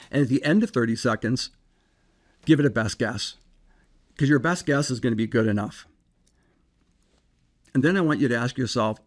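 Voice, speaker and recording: Earnest man hosting a podcast. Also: medium pitch. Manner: earnest and measured, poses questions to the listener. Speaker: podcast host, psychologist. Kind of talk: reflective podcast monologue.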